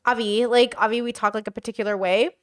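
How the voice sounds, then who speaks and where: A woman's voice: fairly high pitch, fairly even intonation, fast, no room sound, clean studio sound. A woman from California with a Californian accent, co-hosting a casual podcast. She chats freely and peppers her speech with "bro" and "like". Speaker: podcast co-host.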